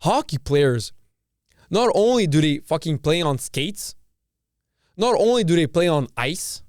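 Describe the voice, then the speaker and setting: A man's voice: fairly high pitch, lively intonation, unhurried, a little mellow, no room sound, studio quality. A man from Canada hosting a podcast, ranting in a casual monologue, swearing often and restarting phrases. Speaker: podcast host.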